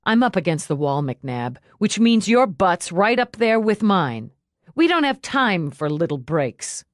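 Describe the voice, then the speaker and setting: Hard-edged female cop, voiced by a woman, blunt, sarcastic, raised pitch, dry close sound. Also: very animated, measured pace, dry recording. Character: tough, blunt female police lieutenant.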